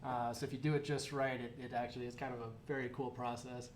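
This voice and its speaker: A man in an interview describes his craft in a loose, joking way, with fillers and restarts. His pitch sits in the middle. The room echoes and there is a faint hiss behind him. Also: level tone, quick pace. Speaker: chocolate maker. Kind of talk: casual interview.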